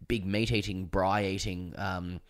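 A lowish-voiced Australian man co-hosting a casual cricket podcast. He rambles and jokes, slipping into mock-grand ad reads with an easy, teasing manner. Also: little pitch movement, slow, smooth. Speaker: podcast co-host.

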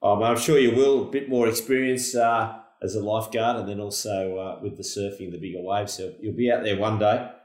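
A relaxed Australian man hosts a podcast, speaking in a lowish voice. He talks in an easygoing way and keeps it casual, with an echo from the room around him. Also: a little fast, few pauses. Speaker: podcast host. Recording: roomy echo.

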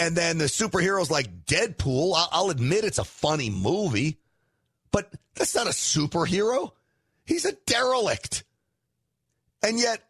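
A man's voice: on the high side, husky, no room sound. A middle-aged man hosting a political show, delivering an emphatic, indignant opinion monologue. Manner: emphatic, indignant, rising to near shouts.

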